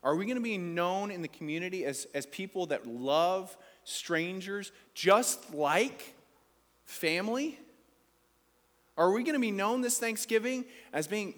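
A high-pitched, animated, slightly bright voice, a little slow, belongs to a pastor preaching his sermon. He talks casually to the congregation and rises to emphatic peaks. Faint music plays in the echoing church sanctuary.

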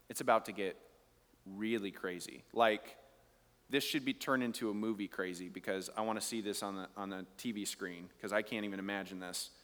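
A man preaching a sermon, reading scripture and explaining it, swinging from quiet asides to near-shouted emphasis. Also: fairly low pitch. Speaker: pastor. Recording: long hall reverb.

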